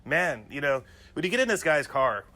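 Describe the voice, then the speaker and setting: A man with a bright, forceful voice talks through personal stories in a loose solo podcast. He rambles and keeps dropping "you know" between his thoughts. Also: on the high side, very animated, moderate pace. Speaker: podcast host. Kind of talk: casual personal storytelling monologue.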